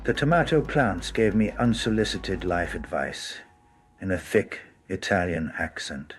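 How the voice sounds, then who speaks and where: A man's voice: sits low, lively intonation, a little slow, slightly rough, faint music behind. A man telling a scripted first-person story as narrator, wry and amused.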